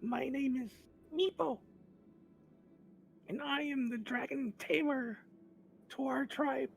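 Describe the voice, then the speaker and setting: A man voicing a small tearful male kobold who keeps a dragon, speaking in a high, squeaky voice and broken phrases. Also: fairly even intonation, takes it slowly, vocal fry, breathy edge, exaggerated voice.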